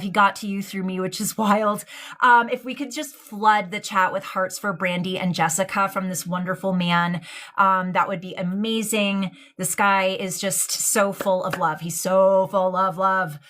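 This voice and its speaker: A woman's voice: mid-range voice, fairly even intonation, normal speed, a bit bright. A woman giving a live-streamed mediumship reading, affectionate and hesitant, full of ums and likes. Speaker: psychic medium.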